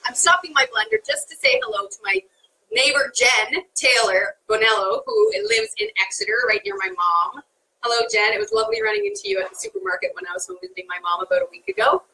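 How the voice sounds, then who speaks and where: Bubbly high-voiced woman chef. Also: sing-song, fast talker, bright, forceful tone, poor audio. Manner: chatty and bubbly, laughs often. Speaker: chef hosting a live cooking stream. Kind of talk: live cooking demonstration. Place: kitchen.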